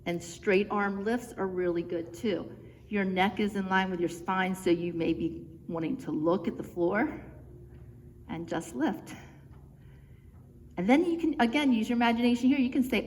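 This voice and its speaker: A woman coaches a home workout at a steady middle pitch, cueing each move in an encouraging, chatty way while a little out of breath. Her voice rings with a long reverb, and a faint hum sits behind it. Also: measured pace, long pauses. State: a bit out of breath. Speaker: fitness instructor. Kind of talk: guided home exercise instruction. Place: church room, indoors. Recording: reverberant room with faint background noise.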